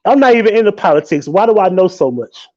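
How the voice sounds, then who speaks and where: A man's voice: high voice, expressive, quick pace, muffled recording. Profane ranting man on a livestream. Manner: profane, loud and mocking. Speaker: livestream host. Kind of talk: casual live-stream rant.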